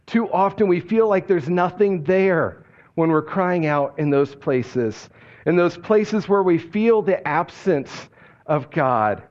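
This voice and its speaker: A man preaching a sermon, speaking slowly and quietly, often dropping his voice low on key phrases. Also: animated, muffled recording. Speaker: pastor.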